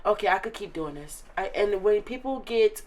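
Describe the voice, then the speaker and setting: A woman's voice: medium pitch, lively intonation, moderate pace. Earnest eighteen-year-old woman, filler-heavy. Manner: earnest and emotional, many filler likes. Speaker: interview guest, recent high school graduate. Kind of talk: casual interview chat.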